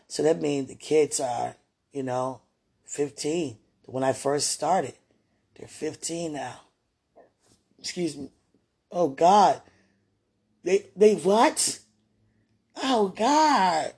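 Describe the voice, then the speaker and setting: A woman speaks in a low, gravelly register with a husky edge to her voice. She is a former childcare teacher recounting her days in a relaxed interview. She rambles warmly through her stories and breaks into laughter often. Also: slow, pauses often. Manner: chatty, laughs often, animated retelling. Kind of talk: casual storytelling in an interview.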